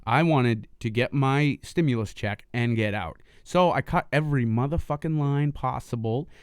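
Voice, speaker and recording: A man's voice: mid-range voice, normal speed, smooth, no echo, studio quality. A man co-hosting a casual podcast, joking, laughing often and swearing freely. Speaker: podcast co-host.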